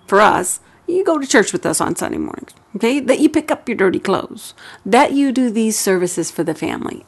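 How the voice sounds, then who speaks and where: Brief: woman host, parenting advice, calm and steady, mid pitch. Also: husky. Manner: calm, steady, explains step by step. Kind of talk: advice talk.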